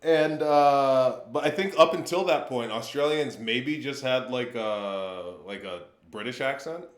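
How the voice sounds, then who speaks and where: Deadpan rambling man in an echoey room. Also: medium pitch, measured pace. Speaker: wrestler co-hosting a livestream. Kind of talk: casual livestream chat.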